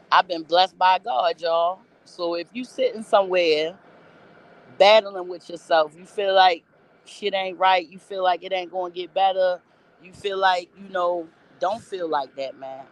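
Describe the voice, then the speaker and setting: A woman telling her life story in a candid, profane, emphatic monologue. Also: lowish voice.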